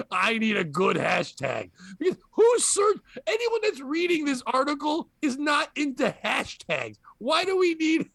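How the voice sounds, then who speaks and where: A man's voice: very high-pitched, wildly swooping pitch, a little slow, vocal fry, a bit bright, no room sound. A man hosting a comedy podcast, joking crudely and laughing often in casual banter. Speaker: podcast host.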